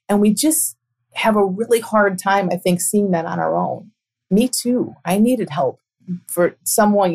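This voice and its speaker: Middle-aged woman talking things through, earnest and reflective, kinda low voice, laughs softly now and then. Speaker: podcast host and coach. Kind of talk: conversational monologue.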